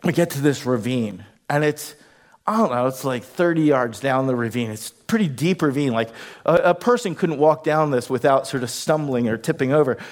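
A middle-aged male pastor telling a comic story in a lively sermon. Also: medium pitch, moderate pace.

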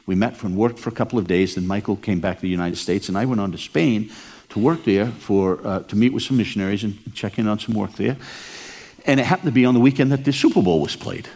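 An older man from Maine preaching a storytelling sermon, animated and acting out the dialogue. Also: fast talker, breathy edge. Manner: animated, acts out dialogue with big pitch swings.

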